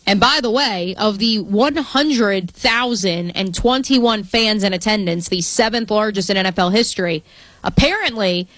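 A woman's voice: mid-range voice, normal speed, a bit bright, no echo. A woman co-hosting a sports radio show, chatting playfully and trying out accents. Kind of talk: casual sports radio banter.

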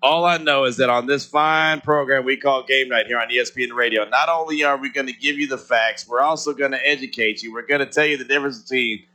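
A man's voice: medium pitch, steady tone, fast talker, few pauses, sharp tone. A man co-hosting a sports radio show, talking in a loose, joking, conversational way. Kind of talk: casual sports radio chat.

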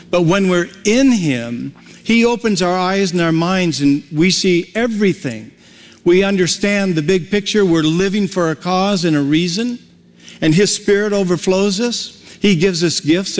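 Folksy preaching man in a reverberant hall. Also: sits high. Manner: folksy, conversational preaching with homely examples. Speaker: pastor. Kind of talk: sermon.

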